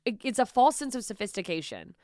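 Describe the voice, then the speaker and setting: A woman's voice: a little high, big pitch swings, fast, a little mellow, dry recording. A woman comedian chatting casually as a studio guest, loose and joking, swearing and laughing often. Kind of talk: casual podcast chat.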